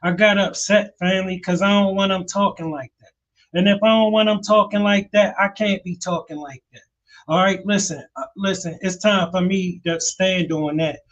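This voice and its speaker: High-voiced man preaching to listeners. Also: steady tone, moderate pace, a bit bright, lo-fi sound. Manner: preachy, addresses listeners as "family". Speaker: podcast host. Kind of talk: opinionated commentary.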